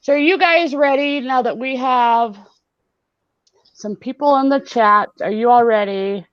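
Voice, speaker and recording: A bubbly, somewhat high-voiced woman hosts a live online hangout, chatting and laughing as she reads out viewer comments. Her voice is dry and close but comes through dull, lo-fi video call audio. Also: measured pace, dry recording. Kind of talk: casual live-stream chat.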